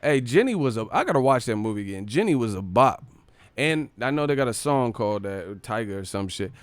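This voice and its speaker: A man from the Bay Area hosts a live stream and riffs in a loose, profane, joking way. His voice is smooth and clear at a middling pitch. The sound is dry and close to the mic. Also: big pitch swings, fairly quick, no echo. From Bay Area, California. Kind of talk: casual live-stream commentary.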